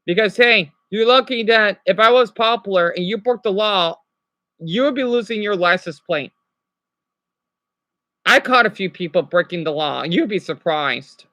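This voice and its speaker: A man's voice: sits high, expressive, sharp tone, dry recording, lo-fi sound. Rambling, profane young man ranting. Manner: rambling, profane, quick to apologize. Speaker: live streamer. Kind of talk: live stream rant.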